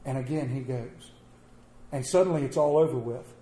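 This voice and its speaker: A middle-aged man telling a personal story to an audience in a folksy, animated way. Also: mid-range voice, moderate pace. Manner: folksy, animated, with a rural drawl in his wording. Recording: echoey room with faint ambience.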